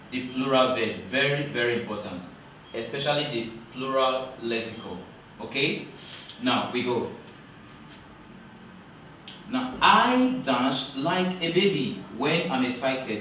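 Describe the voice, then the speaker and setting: A man teaching English grammar in a classroom lecture, talking slowly and repeating key points for emphasis. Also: mid-range voice, fairly bright tone, slight background noise. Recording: very echoey room, voice from far off.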